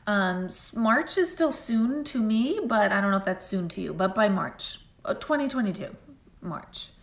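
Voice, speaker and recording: A woman's voice: mid-range voice, animated, normal speed, gravelly, reverberant. A woman doing a live psychic reading, talking in a chatty, rambling way with lots of "like" fillers as she answers her viewers. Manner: chatty, rambling, heavy use of "like". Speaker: intuitive medium.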